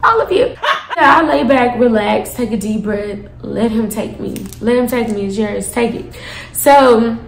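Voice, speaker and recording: A young woman in her twenties tells a story to her viewers in a lively, dramatic style, swearing freely. Her voice is high and bright. The room gives it a noticeable echo. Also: unhurried, gravelly. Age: 20s. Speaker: storytime vlogger. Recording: echoey room.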